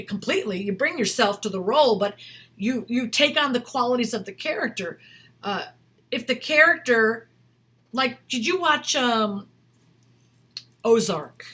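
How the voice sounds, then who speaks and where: A woman's voice: fairly high pitch, animated, normal speed, fairly bright tone, breathy edge. A woman acting coach giving chatty, emphatic career advice straight to camera, repeating her points. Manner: chatty and emphatic, with many restarts and repetitions. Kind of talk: casual advice video.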